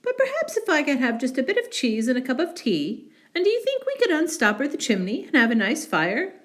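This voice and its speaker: A woman voicing a small, polite, persistent male mouse who talks in a soft, apologetic way. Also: sits high, wildly swooping pitch, brisk, pitched above the performer's own voice.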